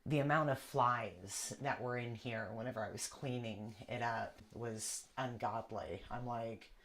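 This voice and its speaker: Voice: mid-range voice, fairly bright tone, slight background noise. A medium walking through a church basement, describing felt presences in a rambling, uneasy way with many fillers. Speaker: psychic medium on an investigation. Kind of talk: paranormal walkthrough narration.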